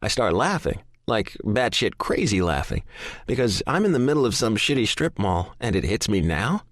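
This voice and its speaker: Male audiobook narrator: very deep, expressive, profane first-person romance read, dry studio sound. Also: normal speed, dry recording. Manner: profane, intense, emotionally charged.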